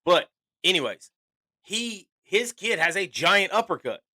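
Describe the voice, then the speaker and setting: A man co-hosting a podcast in casual conversation, talking in an animated, emphatic way and repeating phrases for stress. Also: sits high, measured pace. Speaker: podcast co-host.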